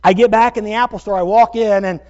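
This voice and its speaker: A middle-aged man, a pastor, telling a story in a sermon with animated, self-deprecating bursts of energy. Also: sits high, fast talker. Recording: dull lo-fi sermon recording.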